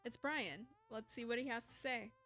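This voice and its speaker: A woman's voice: a little high, moderate pace, bright, forceful tone, soft background music. A woman streamer reading a dating game aloud with playful, wry asides.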